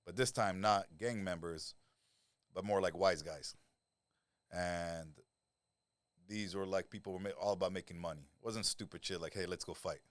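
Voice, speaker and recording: A man with a very low voice tells his past in a rough, profane street manner, picked up close by a studio mic in a dry room with no echo. He is a guest on a podcast and sounds to be in his forties. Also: normal speed, pauses often. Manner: blunt, profane street talk. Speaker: interview guest. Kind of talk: storytelling interview.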